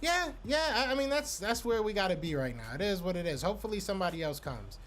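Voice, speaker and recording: A man's voice: high-pitched, big pitch swings, fast talker, fairly bright tone, a little hiss or hum. A man hosting a live podcast stream, casually reacting to chat and repeating himself. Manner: loose, repetitive, talks to chat by name.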